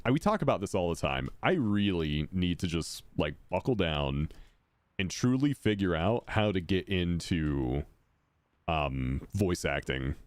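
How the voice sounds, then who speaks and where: A man with a deep voice chatting casually and rambling while he streams a game. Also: expressive, a little slow, no echo. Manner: rambling, self-correcting, laid-back. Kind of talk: casual chat while gaming.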